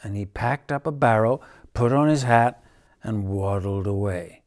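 A man reading a children's picture book aloud, gentle and dramatic. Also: lowish voice, measured pace. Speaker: storyteller.

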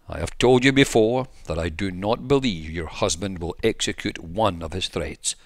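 A man with a very low voice reads an old pastor's account aloud, slow and solemn like a sermon. The sound is dry and close, with no room around it. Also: no echo. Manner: measured, solemn, sermon-like delivery. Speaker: narrator. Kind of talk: solemn scripted narration of an old religious text.

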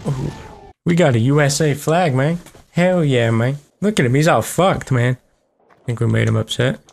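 Young male let's-play host, middle pitch, brash, profane, excitable. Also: moderate pace, gravelly, faint music behind. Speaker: gaming channel host. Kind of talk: casual let's play commentary.

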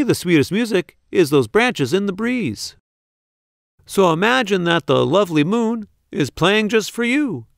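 Man voicing a storybook cricket, small and wise, high and sing-song, gravelly edge, dry close sound. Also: no room sound, full character voice. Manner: gentle, encouraging. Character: kindly wise little male cricket. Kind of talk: storybook read-aloud.

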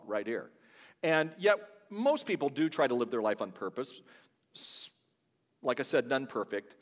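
A man's voice: mid-range voice, in a large hall. An older man, a guest pastor, preaching a sermon full of chatty, humorous family stories in a church. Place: church sanctuary.

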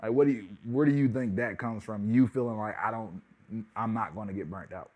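A man's voice: on the low side, a little fast, darkish tone, lo-fi sound. A man hosting a podcast, asking loose, rambling questions in a casual interview. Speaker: podcast host.

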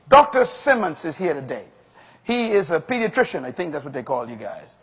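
Animated preacher man in echoing hall. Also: on the high side, fairly quick, husky. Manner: emphatic, preacherly, rising to exclamations. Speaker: pastor. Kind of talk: sermon. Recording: long hall reverb.

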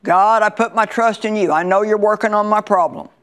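A woman's voice: medium pitch, fairly even intonation, fairly quick. Woman preacher, conversational sermon delivery, emphatic and repetitive. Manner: emphatic, conversational, repeats key lines. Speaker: Bible teacher.

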